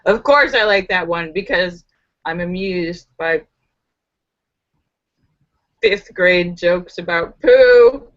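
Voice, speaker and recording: A woman's voice: lowish voice, lively intonation, slow, pauses often, highs cut off. A woman hosting a live stream, chatting casually and reading jokes aloud, giggling often. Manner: giggly, chatty, laughs between lines. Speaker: host of a live joke stream.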